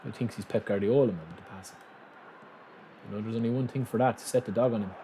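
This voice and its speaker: A man streaming a football video game live, thanking viewers and shouting excitedly at his players. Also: lowish voice, fast, slight background noise. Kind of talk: live gaming commentary.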